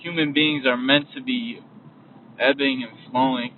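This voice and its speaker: A man's voice: mid-range voice, fairly even intonation, measured pace. Young man talking from a car. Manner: casual, repetitive, trails off and restarts. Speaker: podcast host. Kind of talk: motivational monologue while driving. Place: in a vehicle. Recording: distant, phone-like lo-fi recording with faint road noise.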